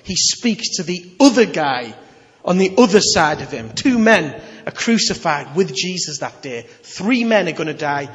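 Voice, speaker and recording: Animated preacher in an echoey hall. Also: male voice, high-pitched, a little slow. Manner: animated, conversational, emphatic. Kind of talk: sermon. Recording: echoey hall, slightly dull.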